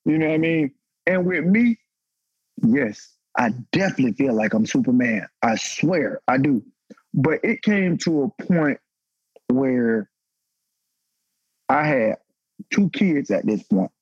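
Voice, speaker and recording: A former football player in his thirties tells a raw, emotional story on a podcast panel, swearing freely as his pitch climbs when he gets stirred up. His voice is expressive and slightly rough, moving at a slow pace with frequent pauses. The recording is dry and muffled.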